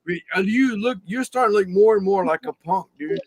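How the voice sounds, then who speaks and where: Male panelist, loud heckler, high voice, dry mic. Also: fairly quick, no room sound, rough recording. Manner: loud, heckling, insult-hurling. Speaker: panel guest. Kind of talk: casual panel banter.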